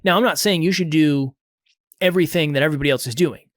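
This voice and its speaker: A man hosts his podcast and coaches listeners in a direct, motivational way, repeating his main points to drive them home. His voice sits a little high for a man, and the sound is dry and close. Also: quick pace, dry recording. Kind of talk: solo podcast advice talk.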